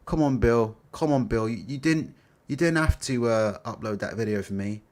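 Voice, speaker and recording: A man's voice: medium pitch, moderate pace, a little mellow, pitched below the performer's own voice, lightly acted. A man doing a mumbled, hesitant impression of a young male boxing promoter who is groveling and pleading. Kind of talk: impression during a livestream.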